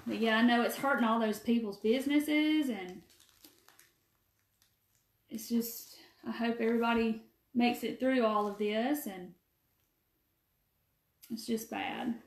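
A woman's voice: fairly high pitch, unhurried, pauses often. A woman with a Mississippi Southern accent, hosting a live craft demo, talking folksy and chatty and answering viewers by name. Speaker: craft live-stream host. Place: empty room. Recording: echoey room.

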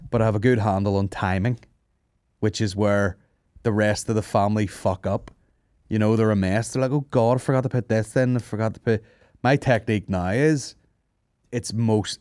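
A man with a fairly low, somewhat mellow voice hosts a comedy podcast on a close mic with no room sound. He rambles through casual banter, swears freely, and laughs at his own jokes.

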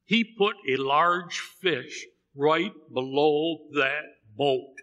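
A man with a fairly high, bright, forceful voice preaches a sermon, telling the story with feeling and voicing the characters in turn. His words ring out in a church with a long, lingering reverb. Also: very slow, muffled recording. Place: church sanctuary.

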